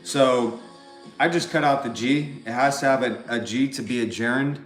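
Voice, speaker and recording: A man's voice: mid-range voice, moderate pace, faint music behind. A man from California with a Californian accent, talking in a rambling, profane monologue that keeps circling back on filler phrases. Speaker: vlogger. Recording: roomy echo.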